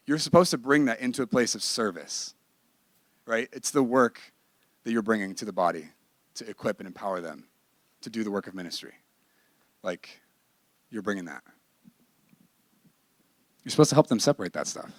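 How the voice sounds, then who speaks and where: A man's voice: lowish voice, lively intonation, moderate pace, pauses often, dry recording. A man teaching a ministry class in a candid, emphatic, conversational sermon style. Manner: emphatic and candid, with bursts of laughter.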